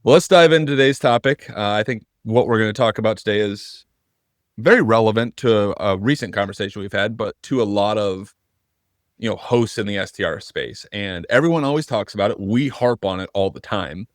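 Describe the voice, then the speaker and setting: Earnest low-voiced man co-hosting a podcast. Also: fairly quick, dry recording, studio quality. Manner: earnest, thinks aloud with restarts. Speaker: podcast co-host. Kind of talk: casual podcast conversation.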